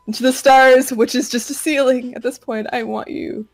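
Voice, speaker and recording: A woman's voice: sits high, fairly even intonation, moderate pace, no echo. Woman running a pirate tabletop game, gross vivid descriptions, dry close mic. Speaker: game master.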